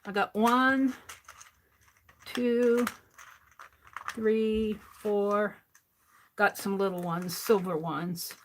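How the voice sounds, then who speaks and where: Slow-talking older woman crafting on stream. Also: mid-range voice, fairly even intonation, a little hiss or hum. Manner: unhurried, talks to herself while working, counts items aloud. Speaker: art livestream host. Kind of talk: casual crafting livestream chat.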